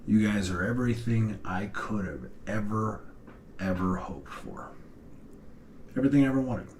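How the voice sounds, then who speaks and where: A middle-aged man with a low voice talks straight to his daughters in a heartfelt personal video message. He speaks earnestly and haltingly, often pausing and sighing. A faint hiss of noise runs underneath. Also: expressive, darkish tone. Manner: earnest, halting, with long pauses and sighs. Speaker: father addressing his daughters.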